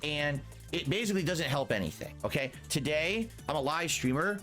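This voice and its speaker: A middle-aged man streaming, lecturing his viewers in a preachy, drawn-out way and repeating his warnings. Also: fairly high pitch, lively intonation, fairly bright tone, faint music behind. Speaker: live streamer.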